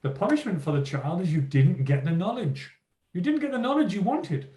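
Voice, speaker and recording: A man's voice: high voice, fairly quick, roomy sound. A man giving a motivational keynote talk to teachers, speaking emphatically and acting out what teachers and children say. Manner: lively, emphatic, acts out quoted teachers and children.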